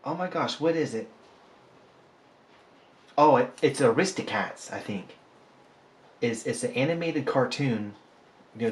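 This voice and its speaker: Rambling man in an echoey room. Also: medium pitch. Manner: rambling, joking, self-deprecating. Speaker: polymer clay artist. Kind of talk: casual chat while sculpting. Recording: echoey room, faint ambience.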